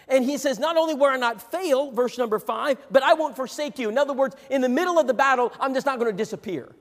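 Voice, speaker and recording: High-voiced preaching man in a reverberant hall. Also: animated, moderate pace. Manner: preaching, swinging from loud proclamation to low asides. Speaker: pastor. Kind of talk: sermon. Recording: long reverb of a large hall.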